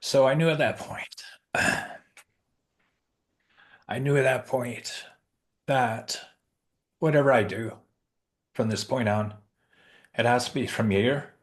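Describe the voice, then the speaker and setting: A middle-aged man who works as a Santa, telling a heartfelt story with pauses, restarts and emotion. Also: mid-range voice. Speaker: professional Santa performer. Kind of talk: heartfelt storytelling in a group chat.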